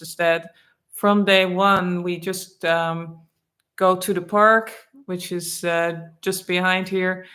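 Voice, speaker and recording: A woman co-hosting a live online Q&A, speaking haltingly with many ums and restarts. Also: lowish voice, fairly bright tone. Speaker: co-host, internal arts teacher.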